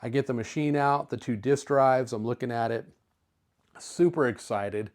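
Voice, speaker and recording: A man's voice: mid-range voice, normal speed, a little mellow. A man in his fifties, a retro-computer video host, casually telling a personal story to camera in a chatty, easygoing way. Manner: chatty, easygoing, with filler words.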